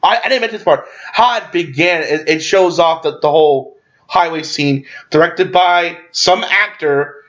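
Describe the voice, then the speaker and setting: A man's voice: a little high, moderate pace, fairly bright tone. A man giving a casual movie review, rambling and swearing, with lots of fillers and restarts. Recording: dull lo-fi recording.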